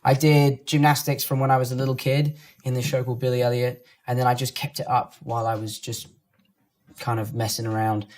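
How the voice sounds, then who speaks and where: A man's voice: mid-range voice, little pitch movement, fairly quick, darkish tone. Joking young man with London accent. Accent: London English. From England. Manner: playful, joking, self-mocking. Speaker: actor reading fan comments. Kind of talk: casual reaction to online comments. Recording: music playing underneath.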